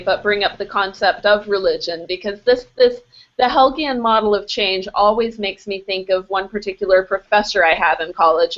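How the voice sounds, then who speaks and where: A woman's voice: mid-range voice, a bit bright. Chatty woman on a lo-fi call. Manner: storytelling, chatty. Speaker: panelist. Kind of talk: casual video panel chat. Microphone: video call. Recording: lo-fi video call audio.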